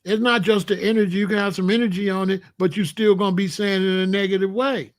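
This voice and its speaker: Talking quickly in a high, steady voice, a man running a livestream delivers a preachy lecture to his chat, repeating himself as he goes.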